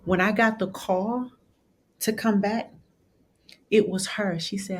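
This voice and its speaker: A woman's voice: a little slow, pauses often, slight background noise. A woman in her thirties from Michigan, a gospel singer telling a story as an interview guest and acting out the people she quotes. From Saginaw, Michigan, USA. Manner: lively storyteller who acts out the people she quotes in high voices. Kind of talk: animated storytelling in conversation.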